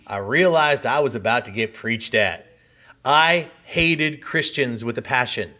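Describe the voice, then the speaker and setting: A man's voice: mid-range voice, expressive, measured pace, bright, forceful tone. A man from Southern California telling his personal story as a conference speaker, with vivid, earnest first-person storytelling. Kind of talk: personal testimony speech. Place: conference hall.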